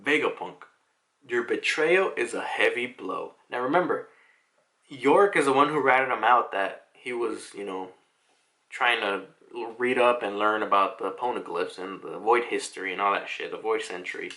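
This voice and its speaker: A man's voice: on the low side, normal speed, sharp tone. A young man casually recapping a comic chapter, chatty and laughing, with frequent swearing. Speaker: manga reaction youtuber.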